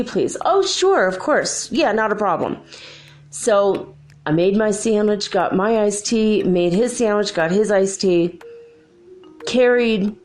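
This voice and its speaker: A woman's voice: medium pitch, darkish tone. A woman hosting a show, telling a personal ghost story in a casual, chatty way and acting out the quoted dialogue. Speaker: podcast host.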